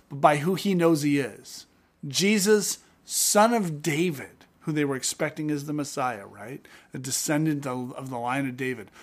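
A man co-hosting a podcast, reading scripture and retelling the stories with animated acted-out voices in a studio. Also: a little high. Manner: animated storyteller acting out scenes. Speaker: podcast co-host. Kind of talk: casual Bible-reading podcast chat.

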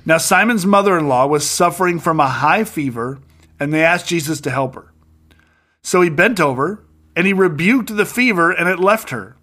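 A man's voice: a little high, moderate pace. A man giving a casual, enthusiastic bible teaching, retelling stories with jokes and asides. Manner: animated, enthusiastic, jokey asides.

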